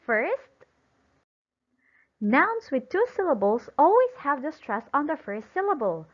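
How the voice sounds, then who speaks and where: A woman teaching an English lesson slowly and emphatically, pausing for imagined answers and praising them. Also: high-pitched, big pitch swings. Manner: praising and drawing out example words. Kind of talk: recorded classroom-style lesson. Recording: dull lo-fi sound.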